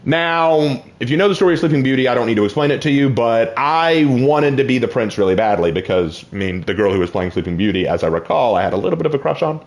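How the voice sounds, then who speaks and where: A young man casually telling personal stories while playing a game, with excited outbursts. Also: medium pitch, fast, few pauses. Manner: lively, shifts from calm to excited outbursts. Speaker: gaming channel host.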